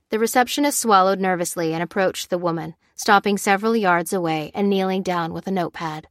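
An audiobook narrator, a woman with a mid-range voice, reads a novel chapter in a steady, measured way. The scripted narration has clean studio sound with no room sound.

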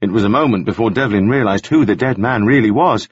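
A man reading a novel aloud as narrator, measured and expressive. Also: lowish voice, slightly rough, no room sound. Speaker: audiobook narrator. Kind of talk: scripted narration. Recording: dull, dry lo-fi audio.

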